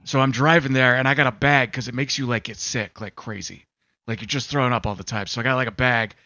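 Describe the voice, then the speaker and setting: He's a gaming podcast co-host with a medium-pitched voice that sounds pushed and bright, quick-paced and fairly even in intonation. Casual chat and storytelling fill the clip, with lots of fillers and quotes acted out. No room sound comes through, but the audio is slightly dull with faint music.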